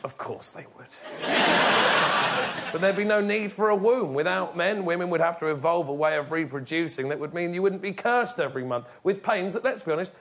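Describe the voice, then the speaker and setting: A man performing a comic debate rant, provocative and mock-serious in a deadpan way. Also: high-pitched, very noisy. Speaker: comedian debater. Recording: loud studio audience laughter.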